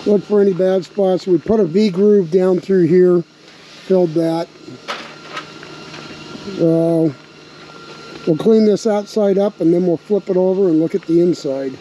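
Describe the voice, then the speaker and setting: A man in a relaxed, casual vlog, thinking aloud as he talks through a project outdoors, with a slight bark in his voice. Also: sits high, unhurried, pauses often. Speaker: RV vlogger building a truck tank. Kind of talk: casual workshop vlog narration. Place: outdoors at a windy campsite. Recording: dull lo-fi outdoor recording with wind noise.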